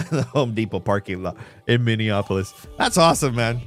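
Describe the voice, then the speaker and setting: A man hosting a live trading stream, walking through charts and shouting out viewers in a casual, slangy, emphatic way. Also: lively intonation, normal speed, faint music behind. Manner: emphatic, hype-driven pitch to viewers. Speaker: livestream trading host. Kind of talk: live chart walkthrough and chat shout-outs.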